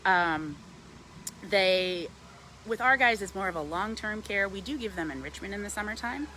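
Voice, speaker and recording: A woman's voice: medium pitch, expressive, moderate pace, pushed and bright. A woman educator from a wildlife center, giving a chatty live talk outdoors in the wind, talking fondly to an owl, with frequent ums, and answering viewer questions.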